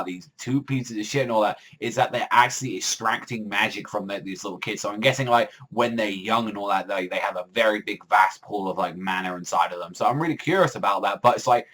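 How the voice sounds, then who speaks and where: A man casually recapping a manga chapter, excitable and profane, acting out the characters' lines as he goes. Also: medium pitch, fairly quick, few pauses. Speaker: manga reviewer.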